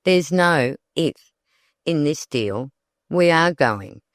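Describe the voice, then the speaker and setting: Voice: medium pitch, expressive, slow, fairly bright tone, no room sound, studio quality. A narrator reading the part of Nat, a teasing young man, in a playful tone.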